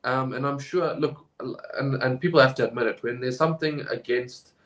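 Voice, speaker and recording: Halting young man in casual chat. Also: mid-range voice, fairly bright tone, rough recording. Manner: halting, many fillers and restarts. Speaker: podcast co-host.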